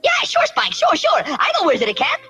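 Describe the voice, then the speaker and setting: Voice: very high voice, huge pitch swings, fairly quick, creaky, lo-fi sound, music in the background, full character voice. A performer voicing a hyper, eager little cartoon dog who fawns over a bigger dog in an old cartoon clip. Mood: eager fawning. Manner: wheedling, yappy and fawning.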